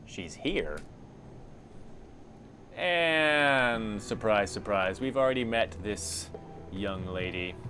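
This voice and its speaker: A man's voice: lowish voice, slow, sharp tone, faint music behind. A man hosting a game playthrough, reading the text aloud with casual, offhand asides. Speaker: let's play host.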